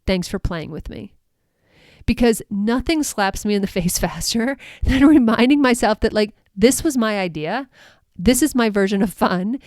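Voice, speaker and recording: On her solo podcast, a woman coaches dog sport handlers in a chatty, upbeat way, laughing often and using lots of fillers. Her mid-range voice has a darkish, clear, resonant tone. The recording is dry and studio quality.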